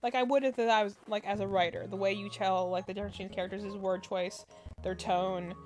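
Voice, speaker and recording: A woman's voice: mid-range voice, fairly even intonation, fairly quick, darkish tone, soft background music. A woman chatting casually while she crochets on a stream, rambling with lots of filler words and muttering stitch counts under her breath. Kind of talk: casual chat.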